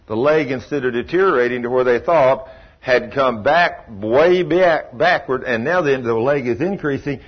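A man's voice: mid-range voice, moderate pace, husky. A man preaching a sermon in a folksy, storytelling way with emphatic asides. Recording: dull lo-fi recording.

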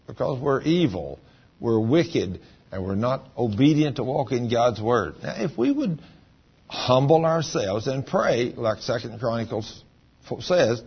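A man preaching a sermon as a pastor, his voice swinging between loud, high bursts and low, quiet stretches. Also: sing-song, measured pace, gravelly, husky, muffled recording. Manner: preaching with big swings in pitch and volume.

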